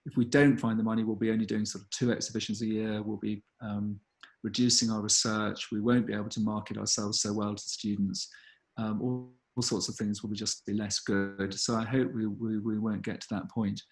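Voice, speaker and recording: A man's voice: fairly low pitch, flat delivery, fairly quick. Earnest man, gallery director. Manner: earnest appeal, thoughtful with frequent ums. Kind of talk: live online Q&A talk.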